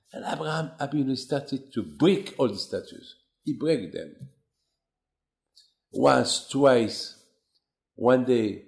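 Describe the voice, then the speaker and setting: Animated storytelling man. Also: echoey room. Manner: animated storyteller, acts out quotes with rising pitch. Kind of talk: Torah class storytelling.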